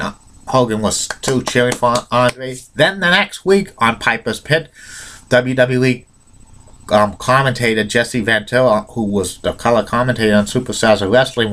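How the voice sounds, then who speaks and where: Bright, stumbling male storyteller. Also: medium pitch. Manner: halting, with many restarts and fillers. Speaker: wrestling history video host. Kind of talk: casual retelling of events.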